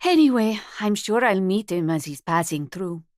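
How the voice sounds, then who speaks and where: A woman's voice: medium pitch, animated, moderate pace, darkish tone, no echo, clean studio sound, lightly acted. A woman narrator voicing a throaty, teasing Spanish housekeeper.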